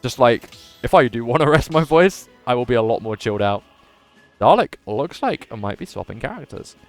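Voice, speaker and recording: Man doing lively game commentary. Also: mid-range voice, fairly quick, no echo, soft background music. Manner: animated commentator voice, says his voice is going. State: slightly strained voice. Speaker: tournament commentator and streamer. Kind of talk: live game commentary and chat with viewers.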